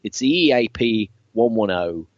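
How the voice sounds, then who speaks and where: A man's voice: fairly low pitch, animated, moderate pace, dry recording, highs cut off. A man co-hosting a casual tech podcast, enthusiastic and hesitant with lots of fillers. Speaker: podcast co-host.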